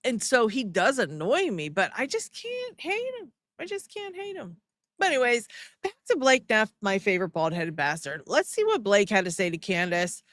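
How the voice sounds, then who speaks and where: In a studio-quality recording with no room sound, a woman hosts a live stream at normal speed. Her medium-pitched, fairly bright voice swings widely in pitch as she reads the chat with sarcastic, mocking comments and frequent laughter.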